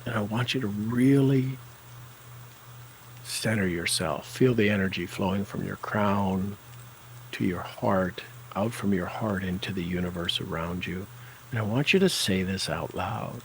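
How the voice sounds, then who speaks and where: A man guiding a tapping session, speaking affirmations slowly and deliberately for the listener to repeat. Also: low voice, a little hiss or hum, low-quality recording. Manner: slow, deliberate, coaching tone.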